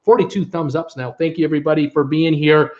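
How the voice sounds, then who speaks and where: Upbeat livestream host, a man with a somewhat high voice, chatty and filler-heavy, recorded on muffled webcam audio. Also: steady tone, fast. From Ontario, Canada. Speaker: livestream host reading viewer chat. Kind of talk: casual live chat. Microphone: webcam setup at home.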